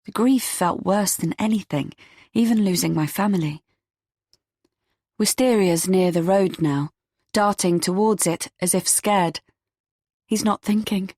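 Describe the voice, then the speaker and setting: Woman, audiobook narrator, first-person thriller, tense, measured, dry sound. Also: mid-range voice, darkish tone, dry recording.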